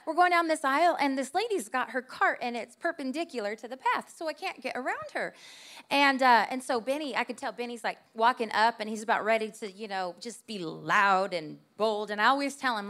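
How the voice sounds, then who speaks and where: High-voiced woman preaching with chatty humor. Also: a bit bright. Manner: chatty, self-mocking, acts out voices in her stories. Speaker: pastor's wife preaching. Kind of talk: sermon with storytelling. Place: church service.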